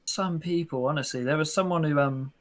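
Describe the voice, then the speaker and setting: A man's voice: fairly high pitch, a little fast. Young British man telling stories. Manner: animated storytelling, acts out customers' lines. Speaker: podcast co-host. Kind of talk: casual chat.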